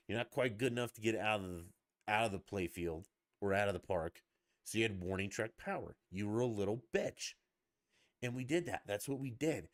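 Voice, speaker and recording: A man's voice: fairly low pitch, dry recording, studio quality. A middle-aged man ranting casually as a podcast host, blunt, mocking and profane.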